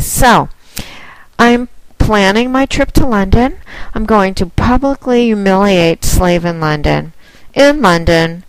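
A woman's voice: fairly low pitch, smooth, no echo, poor audio. A woman speaking as a dominant mistress, with a teasing, commanding manner in a casual monologue aimed at one listener. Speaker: phone domination mistress promoting her line.

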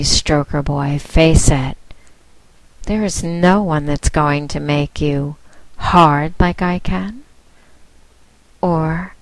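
A woman with a low voice delivers a sultry recorded phone-line ad at a very slow, drawn-out pace. She sounds teasing and commanding, sometimes sinking to a whisper. The recording is dry and close. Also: no room sound. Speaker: adult phone-line performer.

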